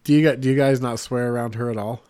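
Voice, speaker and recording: A man's voice: mid-range voice, steady tone, quick pace, mellow. A man co-hosting a podcast in casual chat, asking questions and teasing his co-host.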